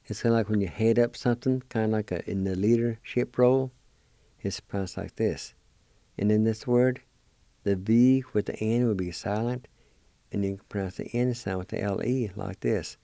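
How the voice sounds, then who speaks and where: A man hosting a weekly language lesson, spelling and pronouncing words slowly and repeating each syllable with care. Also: on the low side, steady tone, mellow, no room sound. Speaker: language teacher and program host.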